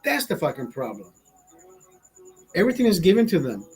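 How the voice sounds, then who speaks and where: A man's voice: a little high, huge pitch swings, a little fast, a little mellow, breathy edge, low-quality recording. A man in his forties from Honduras with a Honduran accent, delivering a blunt, profane, indignant rant to camera. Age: 40s. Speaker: vlogger. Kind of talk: casual ranting monologue.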